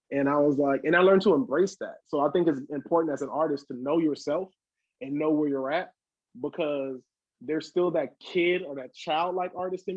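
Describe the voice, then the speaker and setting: A man with a high, husky voice talks loosely and swears freely as a podcast guest. He jumps into acted-out quotes. The sound is dry and a little dull. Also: no echo. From Southern California. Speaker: guest hip hop artist. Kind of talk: casual podcast interview.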